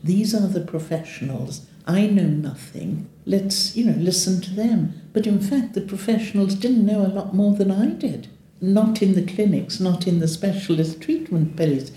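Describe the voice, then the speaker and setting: A woman's voice: medium pitch, moderate pace. An older woman speaking frankly and wryly in an interview, acting out the voices she quotes. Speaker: patient sharing her story. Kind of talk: interview testimony. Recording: echoey room with soft music.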